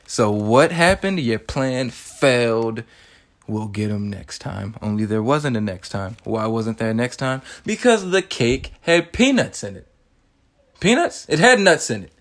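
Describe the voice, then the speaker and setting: A man in his twenties recaps a movie in a casual, animated monologue, swearing freely and tossing in joking asides. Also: medium pitch, a little slow. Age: 20s. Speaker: film reviewer.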